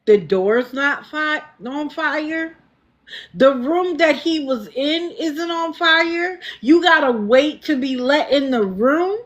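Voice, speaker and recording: Slow-talking indignant woman livestreaming. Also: high-pitched, lively intonation. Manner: indignant, accusing. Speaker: livestream host. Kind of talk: casual livestream chat.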